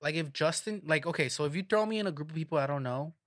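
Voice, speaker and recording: A young man with a fairly high voice, joking quickly and animatedly in a casual podcast chat. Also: dry recording, clean studio sound. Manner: animated, jokey, quick banter. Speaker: podcast co-host.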